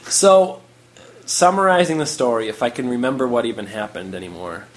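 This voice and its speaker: A man's voice: medium pitch, brisk. A male podcast host doing a comedic word-for-word reading of a fan story, who laughs often.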